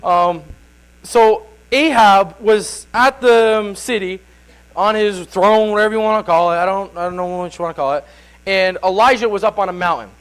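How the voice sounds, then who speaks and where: Man with a high voice preaching in a loose, conversational way, full of restarts. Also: moderate pace, clear, resonant tone, rough recording. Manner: rambling, with restarts and filler words. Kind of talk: informal Sunday sermon.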